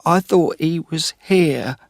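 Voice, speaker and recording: A man's voice: a little high, creaky, no room sound, clean studio sound, pitched above the performer's own voice. A man putting on a tearful tramp's wife. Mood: pleading. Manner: pleading, tearful, slow. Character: weary, unhappy wife of a tramp.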